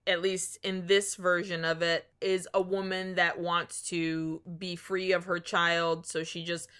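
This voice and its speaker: A woman co-hosting a podcast, chatting casually about a film and quickly explaining and joking about its details. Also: lowish voice, little pitch movement, a bit bright, smooth. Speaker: podcast co-host.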